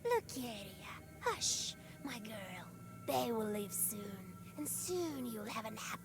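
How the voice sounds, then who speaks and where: Crazed holy fool crooning. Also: female voice, a little high, sing-song, takes it slowly, over music, full character voice. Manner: crooning, then shrieking curses. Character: crazed village holy fool woman, fiercely protective. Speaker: game character. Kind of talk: video game voice acting.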